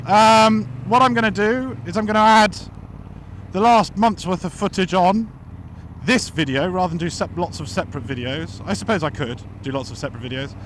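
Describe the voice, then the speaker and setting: A man's voice: sits high, moderate pace. A man, chatting casually to camera as a motorcycle vlogger, rambling, playful and self-mocking. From England. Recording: loud road noise.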